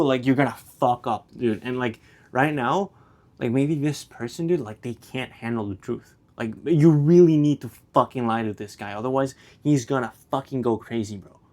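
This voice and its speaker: A man's voice: mid-range voice, a little mellow. A young man talking to camera in a loose, rambling way, full of restarts, casual slang and swearing. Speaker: vlogger. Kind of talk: rambling philosophical monologue to camera.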